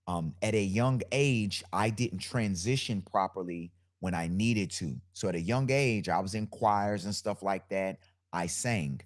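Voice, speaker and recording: A man with a deep bass voice hosting a live solo podcast, talking loosely about energy and spirit and repeating his phrases. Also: a little slow. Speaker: podcast host.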